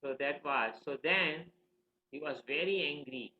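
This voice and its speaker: A man teaching a scripture class, telling a story in an animated, conversational way and asking the listeners questions. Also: on the high side, unhurried, a little hiss or hum. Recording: roomy, slightly dull recording.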